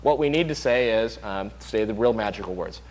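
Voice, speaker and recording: A man hosting an opinion talk show, arguing his points emphatically and rapidly. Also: fairly low pitch, animated, big-room sound, rough recording. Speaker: show host.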